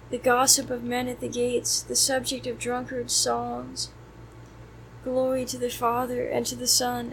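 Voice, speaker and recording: Woman reciting psalms in steady monotone. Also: high-pitched, slight background noise, low-quality recording. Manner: steady even recitation, softer on closing prayers. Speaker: prayer leader. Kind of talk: reciting liturgy of the hours.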